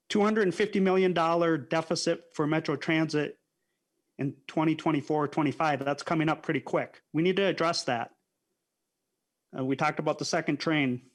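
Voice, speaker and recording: A man, a state legislator, arguing firmly in a committee hearing and pressing his points. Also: a little high. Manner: firm, argumentative, repeats points.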